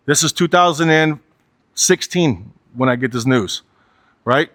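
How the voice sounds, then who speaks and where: A man's voice: on the high side, unhurried, fairly bright tone, no room sound, studio quality. A man in his forties giving a candid motivational talk, blunt and profane, driving his points home with repetition and a habitual "right?". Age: 40s. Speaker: motivational speaker.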